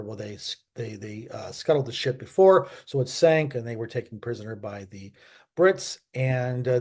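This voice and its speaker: A man's voice: mid-range voice, darkish tone. A man hosting a history channel, talking casually and off the cuff, with lots of fillers, restarts and self-corrections. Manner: chatty, asks viewers to subscribe. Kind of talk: casual unscripted history talk.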